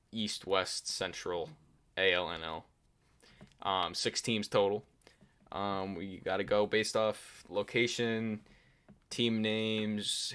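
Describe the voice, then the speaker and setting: Bright-voiced young man hosting a podcast. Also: on the low side, clean tone. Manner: relaxed, many fillers and restarts. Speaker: podcast host. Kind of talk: casual podcast chat.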